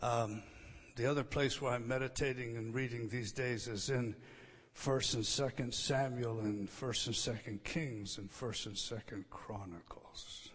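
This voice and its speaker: A man preaching an expository sermon, repeating key phrases with emphasis and swinging between loud declarations and hushed, quiet lines. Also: mid-range voice, fairly even intonation, a little slow, husky, long reverb tail. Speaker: pastor.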